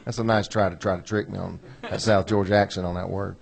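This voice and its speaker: A man chairing a legislative committee hearing, folksy and apologetic, reading bill text slowly and carefully. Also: low-pitched, fairly even intonation, creaky.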